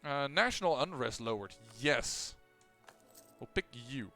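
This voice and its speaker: A man's voice: mid-range voice, expressive, a little slow, pushed and bright, faint music behind. A man casually commenting on his own strategy game as he plays, thinking aloud with lots of fillers and restarts. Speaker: gameplay commentator.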